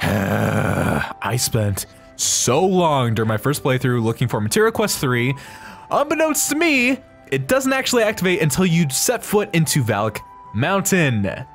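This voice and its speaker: A man hosting a let's play, giving excitable, jokey game commentary. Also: on the high side, gravelly.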